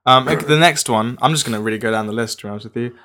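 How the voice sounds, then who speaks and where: A man's voice: mid-range voice, very fast, bright, forceful tone. A man, co-hosting a casual chat, hesitant and often repeating his words.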